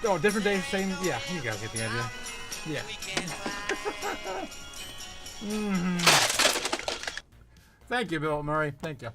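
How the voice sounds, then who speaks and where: A man hosts a casual livestream, reading viewer comments, greeting viewers by name, laughing often, and rambling with lots of fillers. His high, sing-song voice moves slowly with long pauses, and loud music plays behind him.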